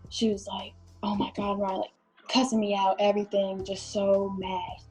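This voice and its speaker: A young woman tells her story as a podcast guest. Her voice is warm and mellow, and she talks loosely with plenty of fillers. A faint bed of music sits under her. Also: medium pitch, flat delivery, moderate pace. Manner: vivid storytelling with many fillers. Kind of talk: casual storytelling.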